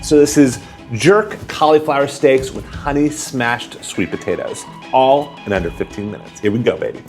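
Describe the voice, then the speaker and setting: Male cooking host, lively pitch, chatty and upbeat over clear background music. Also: moderate pace. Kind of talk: casual cooking demonstration.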